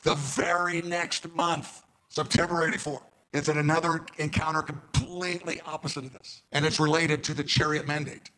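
Male preacher, flat storytelling delivery, quotes dialogue in his stories, halting restarts. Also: on the high side, slight background noise, rough recording. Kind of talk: recorded sermon storytelling.

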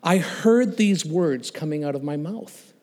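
A male guest speaker telling a personal story in a sermon, animated, laughing and acting out the voices of the people in it. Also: fairly high pitch, a little slow. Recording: long reverb of a large hall.

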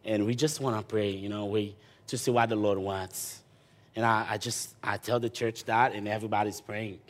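A man, a pastor, telling a personal testimony in an animated way, restarting phrases and often ending lines with "man". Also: fairly low pitch. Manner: animated storyteller, halting restarts, repeats "man".

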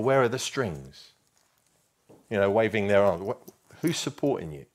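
A man preaching a sermon, emphatic and slowing right down to stress key phrases. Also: on the low side. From England.

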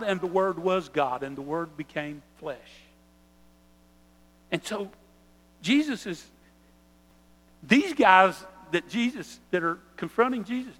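Earnest high-voiced male preacher. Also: fairly bright tone, big-room sound, low-quality recording. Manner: earnest preaching, slows and stresses key phrases. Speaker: pastor. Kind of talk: sermon.

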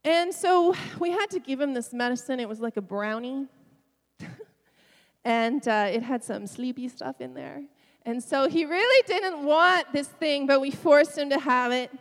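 A middle-aged woman pastor preaching a sermon, telling a personal story with emotion and soft laughs. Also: sits high, animated, measured pace, big-room sound.

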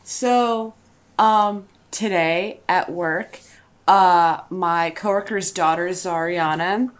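A woman's voice: lowish voice, slow. A woman in casual chat telling a sweet story from work, hesitant and gushing.

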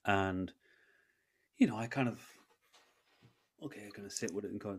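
A man's voice: fairly low pitch, normal speed, husky. Rambling man telling a story. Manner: rambling with frequent restarts. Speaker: breathwork facilitator. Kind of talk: storytelling in a casual interview.

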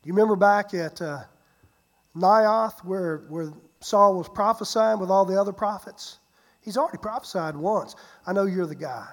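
Pastor, sermon delivery: lively storyteller, loud-to-hushed swings, repeats words for emphasis. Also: medium pitch, normal speed. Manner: repeats and restarts words while preaching.

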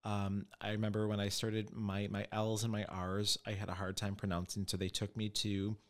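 A man's voice: lowish voice, normal speed. A man hosting a casual chat, telling stories and acting out what people said. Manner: animated storyteller, acts out quotes. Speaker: podcast host and medium.

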